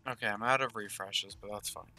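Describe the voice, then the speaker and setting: A man's voice: lowish voice, fairly even intonation, fairly quick, sharp tone, no echo, soft background music. A man giving casual gameplay commentary, thinking aloud and murmuring game text as he plays. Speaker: gaming channel host.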